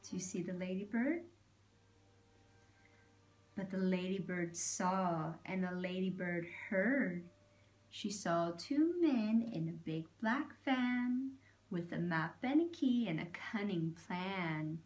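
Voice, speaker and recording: A woman reading a picture book aloud to children, animated, doing animal noises and pointing out the pictures. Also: fairly low pitch, slow pace. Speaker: storyteller.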